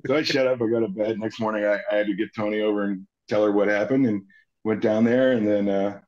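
A man in his forties, an actor being interviewed, telling stories in a lively way and jumping up in pitch to quote others. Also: fast. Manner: animated storyteller, jumps pitch when quoting people. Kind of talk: casual storytelling interview. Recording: slightly muffled sound.

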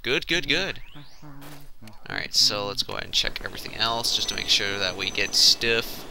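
A man's voice: lowish voice, lively intonation, normal speed, creaky, noisy background. A young man giving casual let's play commentary with chatty, mumbled asides.

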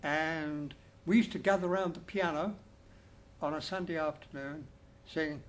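A man's voice: fairly high pitch, fairly even intonation, measured pace. An older man from England giving a personal storytelling presentation at a lecture, wry and anecdotal with chatty restarts. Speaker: speaker at a festival talk. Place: lecture room.

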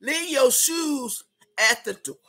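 A loud, brassy hostess played by a woman greets her crowd in a slow, drawn-out holler, her bright voice swinging wildly up and down. She sounds a little out of breath as she lays down the house rules. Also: high-pitched, expressive, exaggerated voice. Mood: bossy. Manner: hollering, drawn-out, Southern-style slang. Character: loud brassy big woman hosting a party club. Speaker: host. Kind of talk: comedic character monologue.

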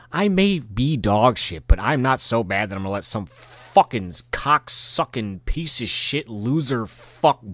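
A man's voice: on the low side, a bit bright, no echo, studio quality. A man hosting a podcast, delivering a rambling, profane rant with angry bursts and frequent restarts. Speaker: podcast host.

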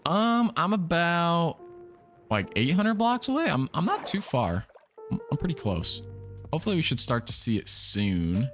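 A man's voice: fairly high pitch, big pitch swings, normal speed. A young man hosting a game livestream, talking casually and rambling, often restarting and repeating his words. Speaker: livestream gamer host. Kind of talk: casual livestream chat while playing. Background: soft background music.

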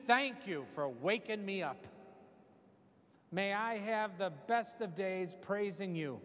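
A man's voice: sits high, fairly bright tone. A man in his sixties, a priest giving a folksy, joking homily. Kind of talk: humorous homily. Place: church hall. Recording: long hall reverb.

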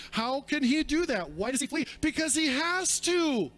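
A man's voice: extremely high pitch, expressive, normal speed, a bit bright. A male pastor delivering a sermon in an earnest, direct way, addressing his congregation.

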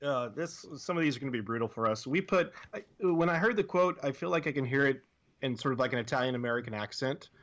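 A man's voice: mid-range voice, animated, quick pace, fairly bright tone. A man talking over a slightly muffled line as he walks hesitantly through his trivia guesses. He sounds casual and a bit unsure. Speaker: guest quiz contestant. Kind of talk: casual podcast talk.

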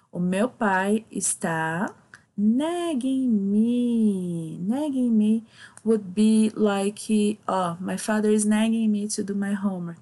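A woman with a Brazilian Portuguese accent, a native Portuguese speaker, teaching a slow English lesson to children, switching between English and Portuguese as she explains. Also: medium pitch, creaky, a little mellow, breathy edge. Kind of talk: online English lesson for kids.

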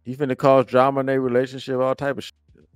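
A man streaming, reacting to a podcast clip with profane, animated ranting. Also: medium pitch, fast, clean tone, no echo, studio quality, faint music behind. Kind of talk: casual reaction commentary.

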